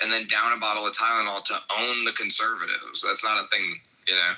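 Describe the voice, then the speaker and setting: A man's voice: fairly low pitch, little pitch movement, a little fast, pushed and bright, poor audio. A man co-hosting a podcast in loose, rambling casual chat, full of restarts, asides and profanity. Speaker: podcast co-host.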